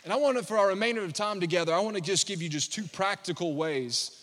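A man's voice: high-pitched, quick pace, a bit bright, in a large hall, a little hiss or hum. A man in his thirties, a pastor preaching a sermon in a church, mixing humorous storytelling with fervent declarations. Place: church sanctuary.

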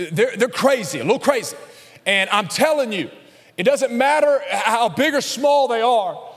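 High-voiced preacher in a reverberant hall. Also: male voice. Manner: storytelling, joking, animated with acted-out quotes. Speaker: pastor. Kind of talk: sermon. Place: church sanctuary.

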